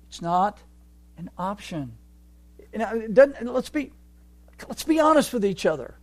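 A man preaching a sermon, moving from quiet reflection to loud, fervent exhortation. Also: sits high, expressive, normal speed, no room sound.

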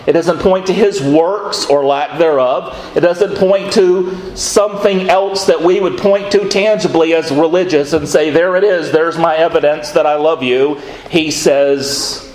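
A man preaching a sermon as a pastor, conversational in tone, with quick acted asides as he talks through scripture. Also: on the high side, a little mellow, echoey room, slight background noise, poor audio.

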